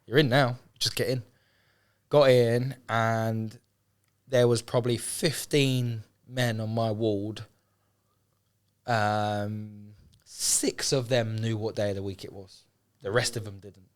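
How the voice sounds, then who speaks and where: A man's voice: fairly low pitch, flat delivery, slow, clean tone. Man telling his story candidly. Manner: swears freely, frequent restarts, acts out quoted speech. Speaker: guest.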